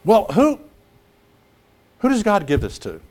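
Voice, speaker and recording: A man preaching a sermon, animated and dramatic, acting out scripture scenes as he talks. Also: high voice, unhurried.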